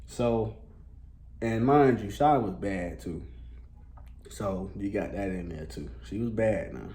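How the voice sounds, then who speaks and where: A man tells a casual storytime in a low, mellow voice. He talks loosely in street slang and swears often, leaning on fillers as he goes. Faint noise sits under the recording. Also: takes it slowly. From Columbus, Georgia, US.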